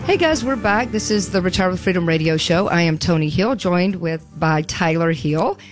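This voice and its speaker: A woman's voice: fairly low pitch, expressive, normal speed, music in the background. A middle-aged woman with a Southern US accent, chatting and laughing as co-host of a radio show. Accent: Southern US (Alabama). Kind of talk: casual radio chat.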